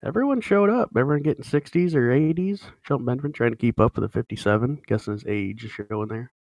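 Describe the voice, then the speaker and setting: A man's voice: medium pitch, animated, fast, darkish tone, no room sound, lo-fi sound. A man in casual chat on a podcast, running through wrestling results in an easygoing announcer style. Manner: play-by-play announcer delivery, easygoing.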